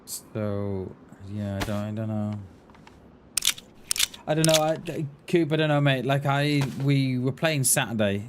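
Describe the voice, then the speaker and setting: In an unhurried, mid-range voice, a man chats casually while streaming a game whose sounds can be heard underneath. He tends to ramble, hesitate, and repeat his words.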